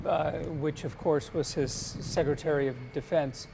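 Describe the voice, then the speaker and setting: Higher-voiced male news anchor. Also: fairly even intonation, normal speed, creaky, background noise. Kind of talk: live broadcast commentary.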